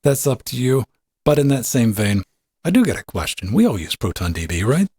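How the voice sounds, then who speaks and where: A man's voice: medium pitch, big pitch swings, brisk, darkish tone, slightly rough. A man hosting a casual live podcast, rambling and chuckling as he talks. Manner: rambling, chuckling, self-interrupting. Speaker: podcast host.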